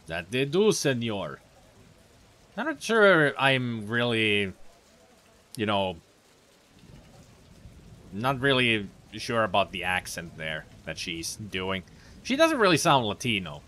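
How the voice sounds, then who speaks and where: Chatty game commentator. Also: male voice, on the low side, very animated, takes it slowly, pauses often, bright, forceful tone. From Finland. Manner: chatty, rambling asides. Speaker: let's play host. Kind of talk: gameplay commentary.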